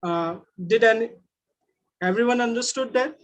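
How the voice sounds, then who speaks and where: A man with an Indian English accent teaching Mandarin sounds in an online class, repeating each sound slowly. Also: very high voice.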